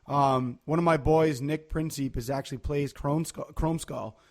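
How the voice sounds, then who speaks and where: A man's voice: a little high, steady tone, normal speed, darkish tone. Rambling man on a casual podcast. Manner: rambling, loose storytelling with many fillers. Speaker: podcast co-host. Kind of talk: casual chat.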